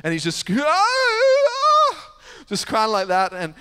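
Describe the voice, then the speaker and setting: A fairly high-voiced man preaches to his congregation, swinging from loud, emphatic peaks to hushed, almost whispered asides as he tells his story. His voice rings through a large church hall with a long, lingering reverb. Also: brisk, smooth. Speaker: pastor. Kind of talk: sermon. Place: church sanctuary.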